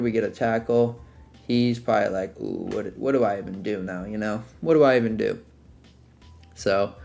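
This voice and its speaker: A man's voice: medium pitch, vocal fry. A young man giving a casual, rambling commentary over his football video game footage as a content creator. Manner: relaxed, rambling, filler-heavy breakdown of plays.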